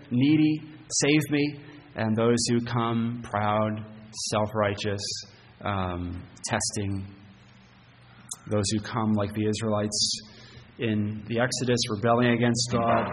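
A man's voice: on the low side, long reverb tail, a little hiss or hum, rough recording. A male pastor preaching a sermon, talking conversationally with rhetorical questions and frequent restarts.

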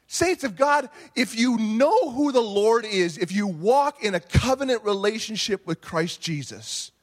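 A man preaching a sermon, animated, swinging from quiet reflection to shouting. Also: sits high, a little slow. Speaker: pastor.

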